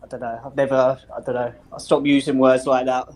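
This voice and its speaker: A man's voice: mid-range voice, little pitch movement, fairly quick, darkish tone. A man, bantering and swearing in casual chat. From South East London. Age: 40s.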